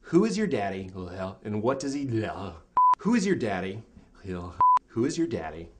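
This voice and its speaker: A man's voice: mid-range voice, lively intonation, normal speed, noisy background, close to an everyday voice. A man doing a stubborn accented action star. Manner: stubborn, flustered, insisting the accent is gone. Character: male movie-star actor failing to hide his thick accent in an ad.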